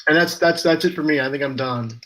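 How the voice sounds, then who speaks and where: A man with a slightly higher voice narrates his character's moves at a tabletop game, starting and restarting his sentences before rushing through the description. He speaks into a voice-call microphone. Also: pushed and bright, poor audio. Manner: hesitant restarts, then rushes descriptions. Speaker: player.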